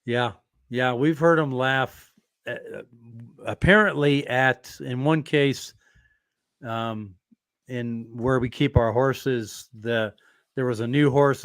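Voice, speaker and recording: A man hosting a casual interview, unhurried and chatty as he tells stories. His voice sits in a middling range and is recorded dry, close and with no room sound. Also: medium pitch, clear, resonant tone, no echo. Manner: relaxed storytelling, drawn-out fillers. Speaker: podcast host.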